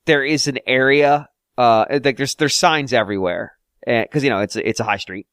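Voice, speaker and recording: A man's voice: mid-range voice, moderate pace, a bit bright, smooth, no echo, studio quality. A man co-hosting a podcast, chatting casually about a game in a rambling way, with lots of fillers and restarts. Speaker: podcast co-host. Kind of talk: casual chat.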